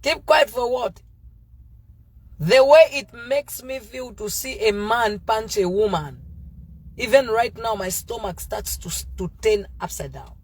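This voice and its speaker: A woman hosting a live stream, talking to viewers in a fervent, preachy way with halting restarts. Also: a little high, a little hiss or hum. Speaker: livestream host.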